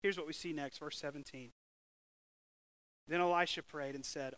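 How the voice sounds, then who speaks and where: A man preaching a sermon with lively swings between loud, emphatic bursts and hushed, slow scripture reading. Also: on the high side, no room sound, rough recording. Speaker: pastor.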